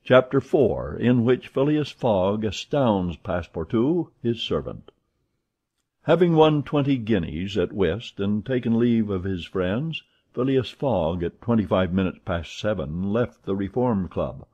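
A man narrating an audiobook of a classic novel, reading in a steady, plain manner with a husky voice. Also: on the low side, a little slow. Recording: dull lo-fi recording.

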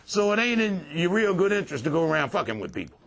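The speaker, an older man doing relapse prevention talks, has a high, creaky voice and talks fast. He shares profane, streetwise stories with a recovery group, animated and laughing throughout.

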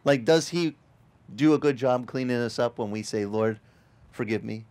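A man preaching a sermon as pastor, animated and acting out the voices of the people he quotes. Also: medium pitch, moderate pace. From Sicilian family background. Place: outdoor beach service.

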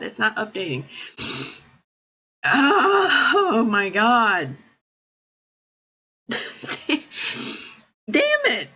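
High, tearful woman streamer. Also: bright, forceful tone, husky, dull audio. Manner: breathless exclamations and laughter. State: tearful, crying. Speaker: live streamer. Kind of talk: live-stream chat.

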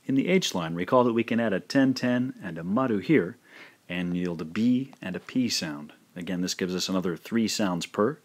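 A man teaching a recorded language lesson, carefully modelling each syllable slowly and repeating it twice. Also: low voice, lively intonation.

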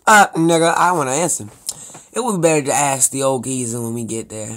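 A man's voice: mid-range voice, fairly quick, fairly bright tone, natural voice. A young man voicing a brash female Australian taxi driver in a goofy, half-right accent while reading a game's story.

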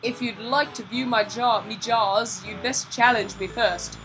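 A woman voicing a smug male ghost who collects jars and taunts the player, in a mock rough accent. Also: a little high, steady tone, a little slow, a bit bright, faint music behind, rough recording. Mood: taunting.

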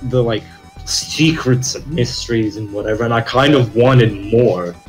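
A man chatting casually while playing a game, quick excited reactions and swearing. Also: medium pitch, faint music behind, poor audio. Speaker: gamer. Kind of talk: casual gameplay chat.

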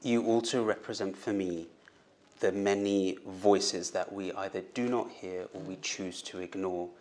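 A man with a fairly low voice hosts an interview. He asks his questions in an earnest, emphatic manner. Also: steady tone, unhurried, darkish tone. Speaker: host, doctor.

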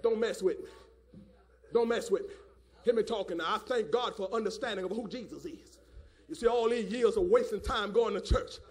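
A man's voice: high-pitched, normal speed. A man preaching a fiery sermon at a church service, hollering and repeating "my God, man". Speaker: elder preaching.

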